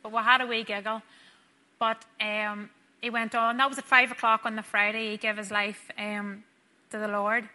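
A woman's voice: on the high side, level tone, moderate pace, sharp tone. A Northern Irish woman giving a personal faith testimony, chatty and heartfelt, acting out the dialogue as she tells it. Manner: chatty, acts out dialogue, says "wee" often. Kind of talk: heartfelt storytelling. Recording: long hall reverb.

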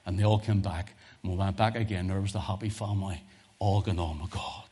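A male preacher giving a sermon full of personal testimony stories, talking in an animated way that swings from loud emphasis to hushed tones. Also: deep voice, fairly quick, husky.

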